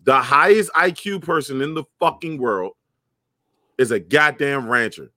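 A man's voice: mid-range voice, expressive, measured pace, bright, forceful tone, no echo, studio quality. A man co-hosting a podcast, brash and profane, pushing back hard in a casual argument. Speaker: podcast co-host. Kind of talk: casual heated podcast debate.

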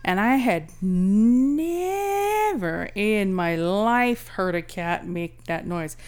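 A woman's voice: medium pitch, lively intonation, drawn-out words. A woman co-hosting a podcast, telling stories in a rambling, casual way and swearing freely. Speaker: podcast co-host. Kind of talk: casual chat.

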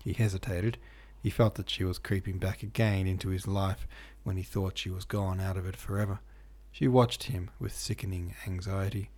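A man reading a classic novel aloud in a steady, measured way, with the odd small slip. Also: low voice. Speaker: audiobook narrator.

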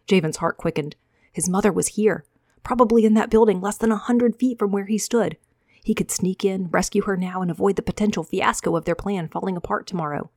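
Woman reading her novel, low-pitched. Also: steady tone, brisk, a little mellow, no room sound, studio quality.

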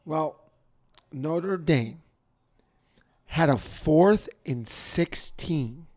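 A man co-hosting a sports podcast in casual chat, jokey and excitable, getting loud then dropping to a mumble. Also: a little high, drawn-out words. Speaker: podcast co-host.

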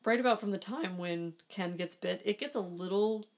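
A woman co-hosting a casual podcast, recapping a movie with animated storytelling, acting out quotes and swearing freely. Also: mid-range voice, moderate pace. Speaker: podcast co-host.

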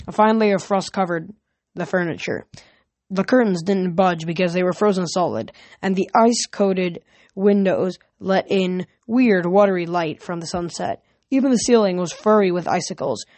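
A woman's voice: fairly low pitch, no echo. Woman reading a novel aloud. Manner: plain and steady, with small slips and restarts. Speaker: reader.

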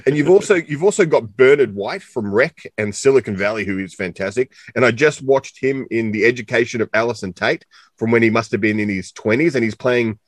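A man's voice: mid-range voice, fairly quick, no room sound. A man with an Australian accent co-hosting a casual interview, chatty and joking, rambling with lots of fillers. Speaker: co-host interviewer.

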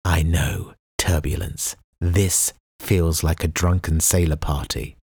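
A man's voice: sits low, level tone, slow, a little mellow, slightly rough, dry recording, studio quality, heavily acted. A man voicing a weary, wry former government minister who speaks in a clipped, sardonic way in an audiobook. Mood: tense.

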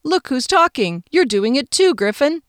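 A woman's voice: high voice, very animated, moderate pace, no room sound, studio quality, voice pushed up. A woman reading as a stiff-spoken shopkeeper man. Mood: stilted. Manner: clipped, stilted phrasing. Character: male teacher-shopkeeper, speaking stiffly.

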